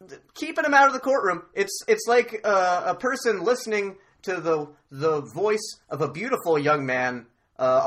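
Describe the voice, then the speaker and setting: A man's voice: high voice, fairly bright tone, a little hiss or hum. A man co-hosting an improvised comedy podcast, stammering through mock arguments full of restarts and filler. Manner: stammering, halting with many restarts. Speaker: podcast co-host in mock debate.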